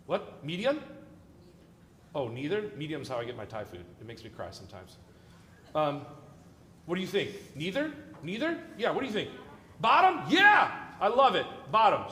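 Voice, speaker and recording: Lively, playful man coaching an orchestra. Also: sits high, slight background noise. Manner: playful, encouraging, jokey. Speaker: orchestra conductor. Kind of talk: rehearsal coaching. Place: large concert hall. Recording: echoey hall with long reverb.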